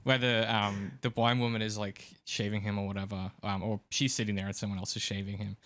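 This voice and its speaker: A man's voice: on the low side, little pitch movement, fairly quick, fairly bright tone, no echo. A man hosting a casual film podcast, rambling and thinking aloud with plenty of filler words. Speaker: podcast host.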